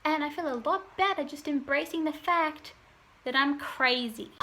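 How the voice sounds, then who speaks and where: A woman's voice: sits high, moderate pace, sharp tone. A young woman, chatting to camera at home in a meandering, self-deprecating, wry way. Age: young adult. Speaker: vlogger. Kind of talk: casual confessional chat to camera.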